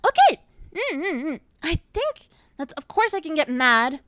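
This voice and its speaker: A woman in VTuber guise as an elegant elf florist chats and sings through her debut stream, teasing viewers and repeating words. Her high voice has a sing-song lilt, a little slow and a bit bright.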